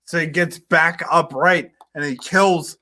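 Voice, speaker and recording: A man's voice: a little high, fairly even intonation, a little slow, bright, forceful tone. A man in a casual podcast chat, recounting a war story with hesitant fillers. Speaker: guest author.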